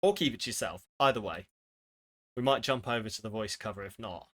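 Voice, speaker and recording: A man's voice: fairly low pitch, a little fast, fairly bright tone. A man streaming live, chatting casually with his viewers and swearing freely while he plays word games. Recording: faint music behind.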